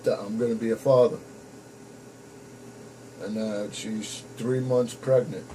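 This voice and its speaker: A man's voice: on the low side, fairly even intonation, slow, mellow, low-quality recording. A young man talks straight to his viewers in a casual vlog and calls them folks. His speech is blunt and full of swearing as he tells his own story. A faint background hum runs under his voice. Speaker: vlogger. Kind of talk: personal storytelling to camera.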